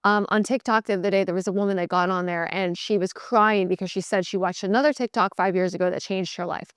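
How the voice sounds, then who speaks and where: A woman hosting a podcast, giving blunt, animated sales coaching in a casual motivational talk. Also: medium pitch, quick pace, clean tone, dry recording, clean studio sound. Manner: blunt, animated, mimics voices in quotes.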